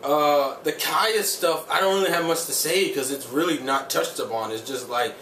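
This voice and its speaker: A man with a bright, forceful voice on the high side rants about an episode at a moderate pace. His casual review is rambling, profane and heated, full of "like." Faint room noise and a roomy, distant-mic quality color the recording.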